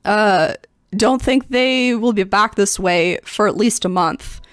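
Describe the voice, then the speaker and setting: A woman's voice: mid-range voice, slow pace, clean tone, no room sound, studio quality, close to an everyday voice. A woman voicing a young male stablehand, read almost in her own plain voice. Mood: apologetic. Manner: plain reading, barely changed from own voice.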